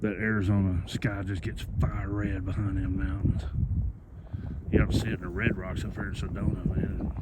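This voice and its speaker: A man's voice: on the low side, flat delivery, moderate pace. A middle-aged man rambling in a folksy way while filming a scenic vlog outdoors on a phone he holds in his hand. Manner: rambling, folksy, laughs often. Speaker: vlogger. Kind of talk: casual outdoor vlog narration. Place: outdoors on a windy rim overlook. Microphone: phone held in hand. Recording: lo-fi phone audio with loud wind. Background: wind.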